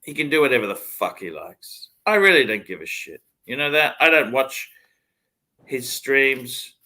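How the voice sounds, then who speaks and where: A man's voice: mid-range voice, big pitch swings, moderate pace, pushed and bright. Blunt, cursing man. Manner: blunt, swears a lot. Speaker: livestream host. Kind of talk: casual chat.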